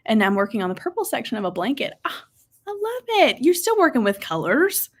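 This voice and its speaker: A young woman hosting a casual livestream, reading viewer comments aloud and reacting brightly. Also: fairly high pitch, very animated, a little fast. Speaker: livestream host.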